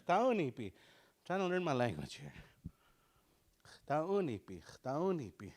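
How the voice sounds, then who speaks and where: A middle-aged man teaching a relaxed language class, joking and repeating words slowly for practice. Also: a little high. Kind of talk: casual online language lesson.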